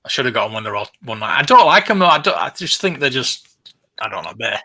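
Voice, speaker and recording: A man's voice: medium pitch, sing-song, fast talker, sharp tone, slightly rough, no room sound. A man co-hosting a casual chat, chatty with wry asides. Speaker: toy show co-host.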